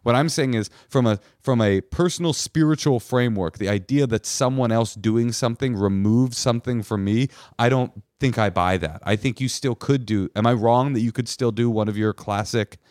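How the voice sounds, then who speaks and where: Male co-host, blunt and emphatic, mid pitch, dry studio sound. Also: moderate pace, hardly any pauses, a little mellow, no echo. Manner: blunt, emphatic, swears freely. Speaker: podcast co-host giving advice. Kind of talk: casual advice chat.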